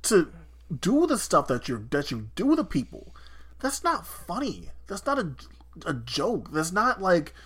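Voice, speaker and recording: A man's voice: high voice, huge pitch swings, a little slow, a bit bright, husky. A man co-hosting a podcast in casual chat, talking heatedly, swearing and restarting his sentences. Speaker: podcast co-host.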